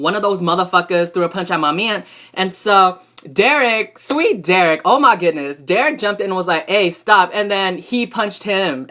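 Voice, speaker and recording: With a sharp, mid-range voice, a young adult gossips through a soap opera recap for a casual vlog. The talk is slangy and full of profanity, and the speaker keeps answering back to the characters.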